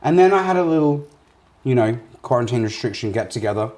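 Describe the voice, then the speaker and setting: A man's voice: medium pitch, lively intonation, quick pace, darkish tone. A young man, co-hosting a casual podcast chat over a meal, telling stories with crude jokes and lots of swearing. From Australia. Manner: crude, joking storyteller, swears a lot. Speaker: podcast co-host.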